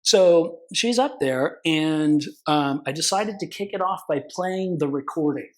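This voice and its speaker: A man's voice: a little high, expressive, unhurried, rough recording. A man, a consumer protection attorney, telling stories casually in an interview, acting out quoted voices and swearing now and then. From California.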